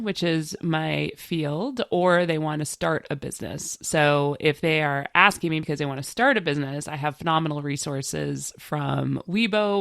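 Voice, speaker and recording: A woman's voice: low voice, vocal fry, dry recording, studio quality. A woman talking as a guest on a podcast, casual and enthusiastic. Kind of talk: casual conversation.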